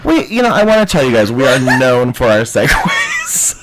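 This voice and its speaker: A man's voice: medium pitch, wildly swooping pitch, normal speed, heavy background noise. A man co-hosting a podcast in casual chat, playful and teasing, with campy asides. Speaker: podcast co-host.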